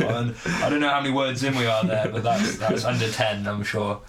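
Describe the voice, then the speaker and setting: A man's voice: lowish voice, flat delivery, fairly quick, over a noisy crowd. A man, co-hosting a podcast, teasing his partner in casual banter and swearing lightly. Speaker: podcast co-host.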